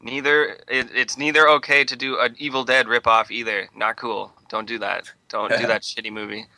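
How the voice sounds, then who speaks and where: A man with a gravelly, sharply bright voice, reading his notes in an exasperated, sarcastic rant. The sound is close and dry. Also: mid-range voice, little pitch movement, normal speed, no echo, rough recording. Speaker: podcast co-host reading his movie notes. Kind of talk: casual chat.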